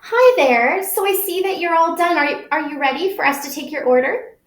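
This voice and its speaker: A woman's voice: very high-pitched, animated, fairly quick, reverberant, voice pushed up. A woman acting as a cheerful pretend restaurant server, greeting and serving a customer with overly polite, sing-song lines.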